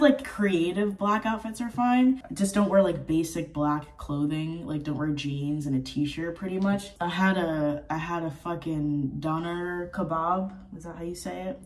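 A woman in her twenties telling a storytime in a casual travel vlog, animated and profane, full of fillers and a bit sick with a cough. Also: on the low side, recorded from a distance. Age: 20s. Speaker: vlogger.

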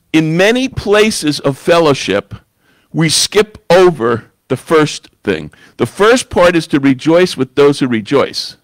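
A guest preacher from New York gives a sermon in church, speaking conversationally and often asking "you know?". His voice is a little high, and the recording is dry.

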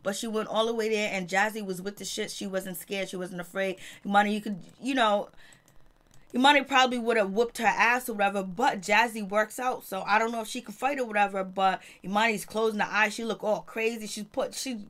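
A woman's voice: mid-range voice, fairly even intonation, a little fast, a bit bright. A woman casually recapping a reality TV episode in slangy talk, acting out the quotes as she goes. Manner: slangy, retells scenes in quoted voices. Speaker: TV show reviewer.

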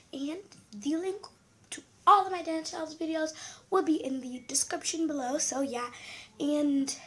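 High, scratchy-voiced woman vlogging casually. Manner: chatty, apologetic, restarts mid-sentence. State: scratchy voice with coughs. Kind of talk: casual vlog intro.

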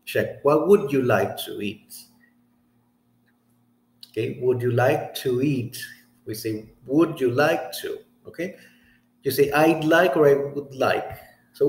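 A man teaching English grammar in a recorded lesson, reading example sentences slowly and checking in with "okay?". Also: medium pitch. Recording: echoey room.

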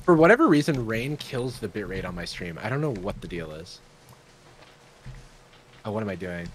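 A man streaming a game in casual chat with friends, excitable and quick to exclaim. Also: fairly low pitch, background noise.

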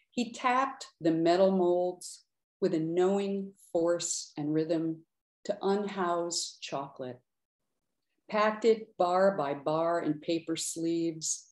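A middle-aged woman giving a slow, measured poetry reading with brief asides. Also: lowish voice, a little mellow, reverberant. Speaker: poet reading her work.

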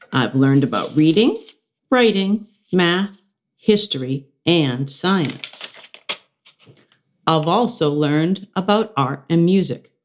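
A woman reading a children's chapter book aloud, giving the characters expressive voices. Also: sits low, dull audio, slight background noise. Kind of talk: children's storybook read-aloud.

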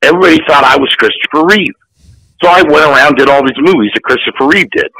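A man in his sixties, an actor guest, telling profane, animated stories in casual chat. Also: a little high, fast talker, slightly rough, no room sound, rough recording. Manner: profane, animated, acts out quotes. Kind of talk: casual storytelling.

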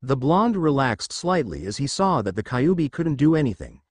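A man narrating a fan fiction story in an animated reading voice. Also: medium pitch, moderate pace, dry recording, studio quality. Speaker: fanfiction reader.

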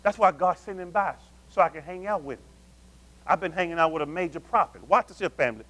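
High-pitched animated preacher man. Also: fast talker. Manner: animated call-and-response preaching, addresses the congregation as family. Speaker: pastor. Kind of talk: sermon.

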